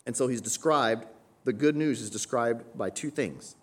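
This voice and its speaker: A man's voice: mid-range voice, moderate pace. A man preaching a sermon in a conversational teaching manner, often tagging points with a questioning aside and lifting his voice on key phrases. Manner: conversational teaching, frequent "right?" tags, rising emphasis on key phrases.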